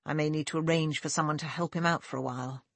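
A woman's voice: sits low, fast talker, no room sound. A woman reading a courteous young lord. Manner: formal, courteous and steady. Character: young aristocratic male lord, kind and assured. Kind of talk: audiobook character voice.

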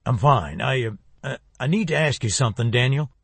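A man's voice: medium pitch, lively intonation, brisk, vocal fry, fairly bright tone, slightly rough, dry recording, heavily acted. A man voicing an aging man who speaks to a friend in an earnest, troubled way. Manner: earnest, direct.

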